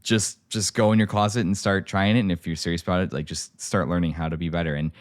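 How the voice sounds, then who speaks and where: Low-voiced animated podcast host. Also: male voice, quick pace, dry recording, studio quality. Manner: animated storytelling, many fillers. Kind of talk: casual interview chat.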